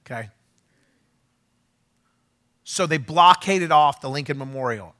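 A male pastor telling a story during a sermon, animated and getting loud when he acts out what was said. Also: on the high side, takes it slowly. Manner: animated, shouts when acting out quotes. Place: church.

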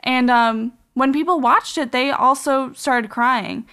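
A woman's voice: high voice, slow, pushed and bright, clear, resonant tone. A woman hosting a podcast, telling a story in a casual, rambling way full of "um" and "like". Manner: rambling, filler-heavy with many "um" and "like". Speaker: podcast host.

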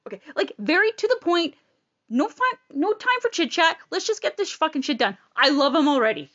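A woman with a high voice tells a personal story bluntly, swearing freely. Her pitch leaps around with plenty of animation. The recording is dry and a little dull. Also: sing-song, moderate pace, fairly bright tone, no room sound.

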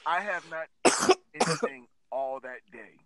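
A man in a casual group chat, lively and teasing. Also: a little high, moderate pace, slight background noise.

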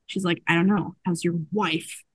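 A woman hosting a casual podcast chat, recapping a book in animated storytelling and acting out the characters' lines. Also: on the low side, normal speed, slightly rough, no room sound.

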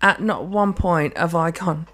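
Ranting, sweary woman, lowish voice. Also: a little slow, a bit bright. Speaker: podcast co-host. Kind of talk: casual chat.

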